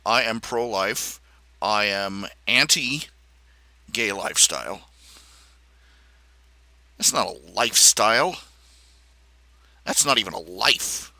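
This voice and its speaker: A man hosts a casual livestream while he draws, thinking out loud in a halting, rambling way. His tone is opinionated and sardonic, his pitch moves a lot, and the voice sounds very bright. The recording is close and dry. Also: expressive, no echo. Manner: rambling, halting, many fillers and restarts. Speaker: livestream host.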